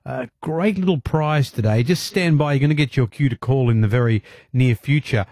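A man's voice: medium pitch, normal speed, darkish tone, dry recording, clean studio sound. A man hosting a radio show, teasing and needling his co-host in casual banter. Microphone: studio microphone.

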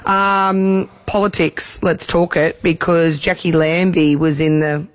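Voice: medium pitch, flat delivery, slow, dry recording. A radio co-host chatting loosely in casual banter, rambling with fillers.

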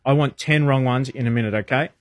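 A man's voice: medium pitch, fast, no echo, studio quality. A man hosting a radio quiz segment, playful and laughing often. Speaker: radio host.

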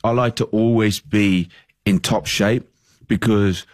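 Brief: Australian football manager around 30, low voice, close dry sound, earnest rambler. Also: male voice, steady tone, slow, a little mellow, no echo. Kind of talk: casual podcast interview.

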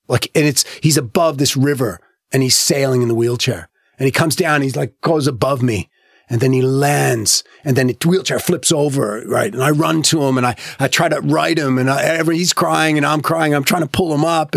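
A man's voice: medium pitch, breathy edge, no echo, studio quality. A man talking as a filmmaker guest in a casual interview, telling a story with many fillers and restarts, his voice lifting when he gets moved.

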